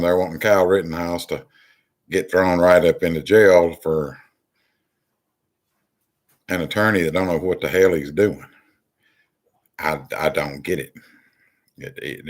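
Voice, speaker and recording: A man's voice: sits low, normal speed, pauses often. A man hosting a political commentary monologue, rambling and exasperated, with many ums and restarts. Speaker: channel host.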